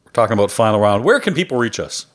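A man's voice: fairly low pitch, quick pace. A man co-hosting a casual podcast, telling stories with lots of swearing. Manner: animated storyteller, swears freely. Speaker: podcast co-host.

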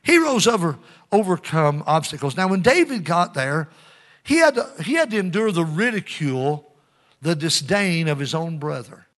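Bright-voiced preacher calling for amens. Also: male voice, fairly high pitch, big pitch swings, moderate pace. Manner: call-and-response preaching, urging amens; swings between loud emphasis and hushed asides. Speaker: pastor. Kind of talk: sermon.

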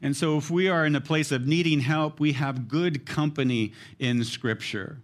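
A male pastor teaches from scripture in an earnest, explanatory way. His pitch sits in an ordinary middle range for a man. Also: unhurried, few pauses. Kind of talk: sermon.

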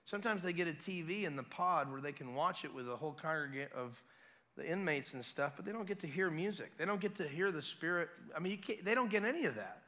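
Guy preaching at a revival, fairly high bright voice, acts out the story as he goes. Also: fast. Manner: animated storytelling, acting out scenes; conversational asides. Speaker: guest preacher. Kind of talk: revival sermon.

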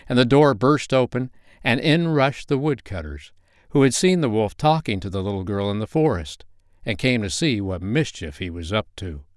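Male bedtime story narrator, low voice, animated delivery, dry close mic. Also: no echo. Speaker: bedtime story podcast host.

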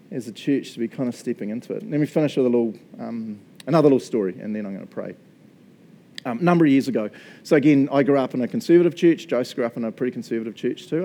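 Middle-aged New Zealand pastor, warm low tone, chatty self-mocking sermon storyteller. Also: male voice.

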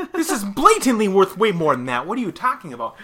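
A man casually telling a gaming story, animated, laughing often as he tells it. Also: high-pitched, fast talker.

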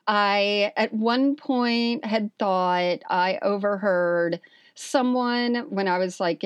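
A woman's voice: medium pitch, clear, resonant tone, no room sound. A woman co-hosting a podcast, telling funny stories in a sarcastic, laughing, casual way. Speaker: podcast co-host. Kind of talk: casual chat.

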